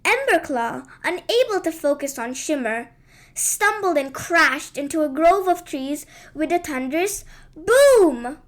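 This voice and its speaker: A woman narrating a children's bedtime story in a gentle, lilting and unhurried way. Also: sits high, big pitch swings.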